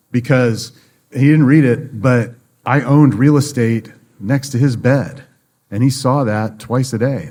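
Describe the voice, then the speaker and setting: A man's voice: mid-range voice, a little mellow. A man guesting on a podcast, explaining publishing in a conversational way and acting out the people in his stories. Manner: storytelling, acts out quoted dialogue. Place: conference venue.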